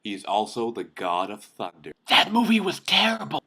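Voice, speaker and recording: A young man hosting a comedic film commentary vlog, sarcastic and excitable, ranting with jokes. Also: mid-range voice, normal speed, loud music behind the voice. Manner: sarcastic, excitable, jokey rants. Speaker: vlog host.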